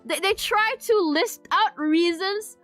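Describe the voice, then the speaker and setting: A woman with a high, sparkly voice chats casually with viewers, answering their questions. She giggles often, rambles and restarts her sentences, and drops in Malay words along the way. Soft music plays faintly underneath. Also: takes it slowly. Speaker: VTuber streamer. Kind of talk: casual Q&A chat.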